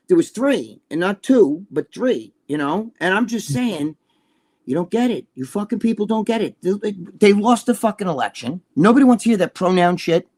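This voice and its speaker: Brief: high-voiced male co-host, heated profane rant, keeps repeating his point. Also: darkish tone. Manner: ranting, profane, repeats himself, acts out quoted people. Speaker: podcast co-host. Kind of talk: heated casual chat.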